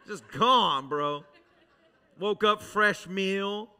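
A male pastor preaching a sermon to a congregation, telling a dramatic personal testimony that swings from loud urgency to hushed intensity. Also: sits high, normal speed. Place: church service with a congregation.

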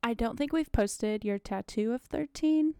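With a fairly high pitch, vocal fry, and a dark yet clean tone, this young woman talks at a measured pace on a dry, studio-quality recording. She's a podcast co-host with the hiccups, rambling through casual chat full of fillers.

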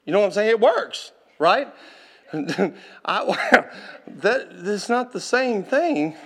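A man preaching a sermon as a personal story, animated and laughing, often calling out to the congregation. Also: sits high, takes it slowly.

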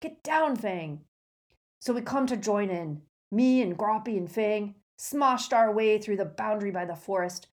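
Lady doing a big rough-talking giant gamekeeper, booming and clipped, storybook voice pitched up high. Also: expressive, measured pace, natural voice. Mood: urgent. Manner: loud, clipped dialect speech.

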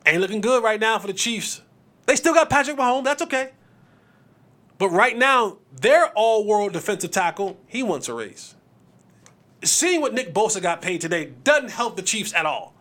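Podcast host, male, fairly high voice, heated casual sports rant. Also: normal speed. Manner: passionate, animated rant with repeated restarts.

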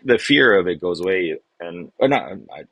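Male podcast host, very low and husky, earnest and rambling. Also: animated, moderate pace, fairly bright tone, dry recording. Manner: earnest, rambling with many restarts. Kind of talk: podcast conversation.

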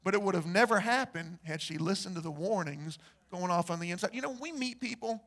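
A man preaching a sermon, telling stories and acting out the people in them, building to loud emphasis. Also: high-pitched, lively intonation, a little fast. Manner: storytelling, acts out quoted voices, rises to loud emphasis. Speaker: pastor.

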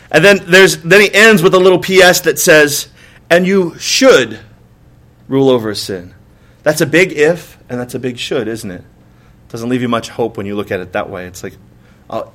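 In church, a male pastor with a slightly high, somewhat bright voice delivers a conversational sermon. He repeats words, throws in frequent rhetorical "right?" questions, and acts out moments of exasperation.

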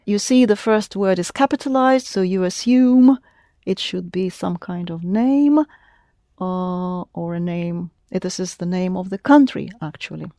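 A woman's voice: lowish voice, a little slow, mellow, dry recording, studio quality. A woman teaching a language class, patiently prompting her students with questions. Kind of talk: classroom lesson.

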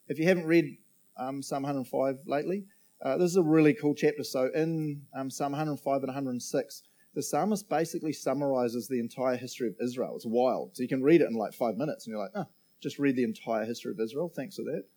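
A man's voice: mid-range voice, warm tone. A middle-aged man preaching a sermon in a chatty, joking way, often laughing and asking the room questions. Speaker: pastor. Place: church auditorium.

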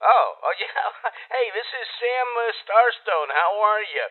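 A man's voice: high voice, animated, takes it slowly, phone-quality sound, pitched above the performer's own voice, exaggerated voice. A man voicing a giddy male prank caller, a joke writer who keeps breaking into breathless giggles. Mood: giggly.

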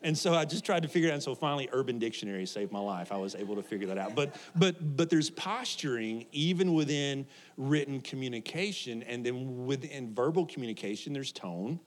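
A man's voice: mid-range voice, expressive, brisk, hardly any pauses. A middle-aged pastor preaching to his congregation in a loose, conversational way. He jokes, laughs often and keeps throwing questions out to the people in front of him. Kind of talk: sermon.

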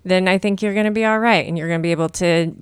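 Brief: woman podcast co-host, smooth clear voice, agreeable, dry close sound. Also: lowish voice, fast, no room sound. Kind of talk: casual chat.

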